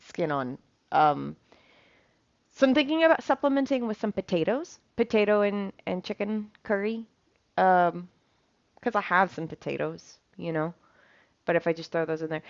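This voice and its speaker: A woman talks through her cooking in a slow, unhurried ramble, with plenty of ums and the odd swear word. Her voice sits a little low. The sound is dry and slightly dull, as if from a basic mic. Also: dry recording. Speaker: cooking vlogger. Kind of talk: casual chat while cooking.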